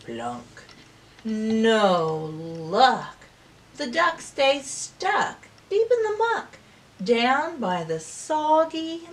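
A woman telling a rhyming story at circle time for preschoolers, slow and expressive, dropping to whispers and rising to calls. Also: fairly high pitch, recorded from a distance. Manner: slow, sing-song and expressive, with big swings between whispers and calls. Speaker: preschool teacher.

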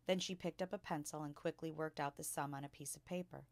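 A woman reads a children's chapter book aloud in calm, clear narration. Her voice sits a little low, and the recording is close and dry. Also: fast, no echo. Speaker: storytime reader.

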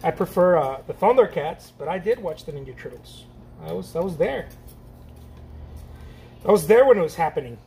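A middle-aged man from Mexico teaching painting in a casual, excitable, slangy way, laughing often and repeating himself. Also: a little high, normal speed, gravelly, long pauses, breathy edge. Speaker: painting instructor. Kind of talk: casual chat while painting.

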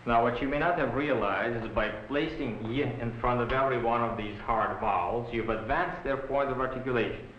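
A man's voice: mid-range voice, brisk, hardly any pauses, slight background noise. Old-film male professor, patient and instructive, classroom lecture, echoey room, dull muffled sound. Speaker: language professor.

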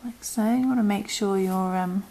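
Chatty British woman, gravelly edge. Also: medium pitch, moderate pace, mellow. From United Kingdom. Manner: chatty, often trailing into murmurs and whispers while working. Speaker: crochet tutorial host. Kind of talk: casual step-by-step craft tutorial.

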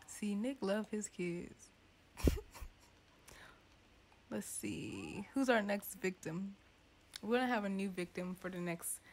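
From her home setup, a woman who makes gaming videos on YouTube narrates a let's-play in a chatty, playful way, occasionally slipping into a squeaky voice for what her sims are thinking.

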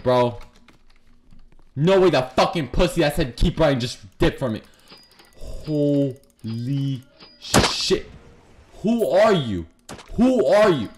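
A man gives live gameplay commentary in a lively, bouncing voice, cursing and trash-talking as he plays. He drops to low mutters, then bursts into shouts. Faint keyboard clicks and typing sit behind him. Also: slow pace, slight background noise. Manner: profane, trash-talking, excitable, swings between muttering and shouting. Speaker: gaming YouTuber.

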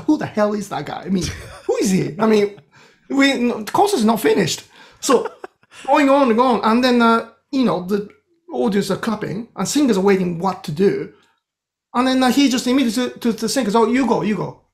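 Gravelly-voiced Japanese man telling stories. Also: high-pitched, a little fast. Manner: animated, many restarts, laughs while telling stories. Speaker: guest composer. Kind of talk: casual interview storytelling.

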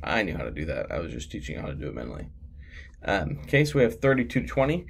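A man's voice: sits low, huge pitch swings, fast, gravelly. A man teaching a sixth grade math lesson in a casual, rambling, self-deprecating way, with lots of fillers, recorded at his computer.

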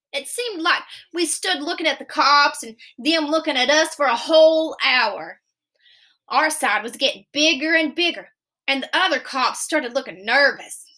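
Woman reading aloud, steady storyteller, high bright voice. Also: normal speed. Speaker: reader. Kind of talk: reading a children's novel aloud.

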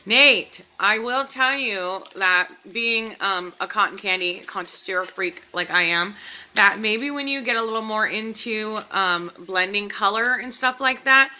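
A woman with a very bright, ringing voice talks casually to her viewers as she reviews candles. She is eager and chatty, and she keeps checking in with her audience. Her pitch sits in the middle for a woman. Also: unhurried, a little hiss or hum, poor audio. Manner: chatty, enthusiastic, addresses viewers as "you guys". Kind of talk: casual product review vlog.

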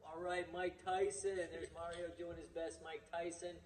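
A man's voice: on the high side, little pitch movement, moderate pace, a little mellow. Chatty Bible-teaching man, echoey room. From California. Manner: chatty, rambling, swears casually. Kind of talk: casual on-camera Bible teaching. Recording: echoey room, mic far off.

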